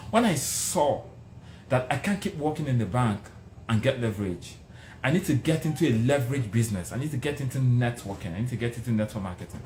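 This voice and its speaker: A middle-aged man with a mid-range, darkish voice gives a fervent motivational talk, speaking a little fast with lively intonation and emphatically repeating phrases to press each point. Faint background noise and a roomy echo color the sound.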